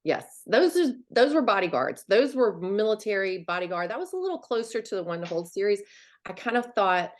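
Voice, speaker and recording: A woman's voice: medium pitch, very animated, fairly quick. A middle-aged woman author chatting casually, telling stories and acting out quoted lines with big swings in her voice. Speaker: author guest. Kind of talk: casual chat.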